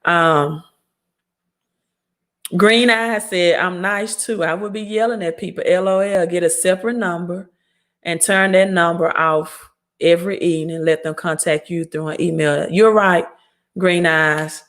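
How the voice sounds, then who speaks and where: A woman's voice: lowish voice, steady tone, unhurried. A woman from Mississippi with a Southern accent, hosting a credit repair livestream and answering viewer comments in a blunt, no-nonsense way. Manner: blunt, scolding, talks straight to viewers. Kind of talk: casual livestream talk reading viewer comments.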